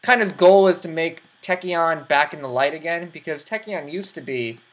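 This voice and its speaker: Chatty, laughing American host. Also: male voice, on the high side, moderate pace, fairly bright tone. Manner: chatty, laughs a lot, rambling asides. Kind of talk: casual interview chat. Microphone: computer mic over a voice call.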